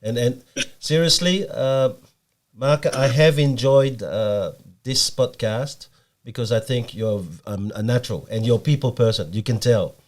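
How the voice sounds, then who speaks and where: A male podcast host speaks in a casual, encouraging way, praising his guest as he wraps up. His voice has an ordinary middle pitch. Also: unhurried. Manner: encouraging and complimentary.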